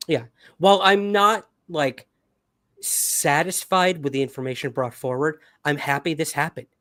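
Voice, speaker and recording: A man's voice: fairly high pitch, steady tone, normal speed, pushed and bright, no room sound. A man hosting a podcast livestream, talking casually and upbeat with lots of fillers. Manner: upbeat, chatty, many fillers. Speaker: podcast host.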